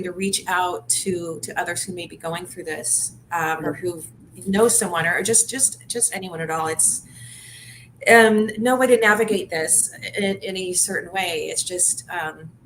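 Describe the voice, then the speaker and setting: A woman with a slightly low voice tells a painful personal story as a guest on a live show. She speaks haltingly, often pausing to search for words. A faint room ambience runs under her. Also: steady tone, a bit bright, slight background noise, poor audio. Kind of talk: personal testimony.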